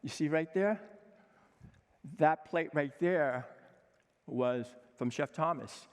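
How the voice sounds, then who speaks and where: A man in his sixties, a chef giving an energetic, emphatic conference talk, acting out quoted dialogue. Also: on the high side, takes it slowly, clear, resonant tone. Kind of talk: conference speech. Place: conference hall with a seated audience. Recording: long hall reverb.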